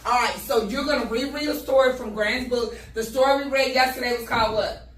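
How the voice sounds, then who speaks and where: A woman's voice: fairly high pitch, steady tone, brisk. A woman teacher leading a classroom phonics lesson, calling out prompts and praise to her students. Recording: echoey, distant classroom with loud noise.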